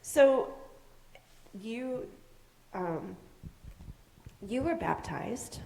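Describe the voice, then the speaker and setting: A woman's voice: a little high, extremely slow, gravelly, slight background noise. A woman giving a children's sermon in church, telling a story to kids with questions and acted-out voices. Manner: animated, asks questions, acts out voices. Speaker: children's message leader. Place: church sanctuary. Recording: echoey sanctuary.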